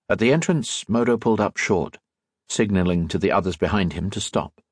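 A man narrating an audiobook in a steady, measured storytelling manner. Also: low voice, husky, dry recording, clean studio sound. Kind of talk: scripted narration.

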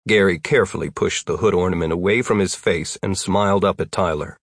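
A man narrates a storybook with a wry, even delivery in a low voice. He is recorded close on a dry studio mic. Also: a little fast, no echo. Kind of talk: audiobook narration.

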